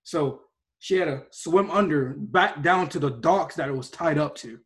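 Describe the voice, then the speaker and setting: A man's voice: on the high side, moderate pace. Rambling young-sounding man reviewing anime. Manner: rambling, hesitant, many restarts and fillers. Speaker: co-host reviewing anime episodes. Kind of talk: casual review chat.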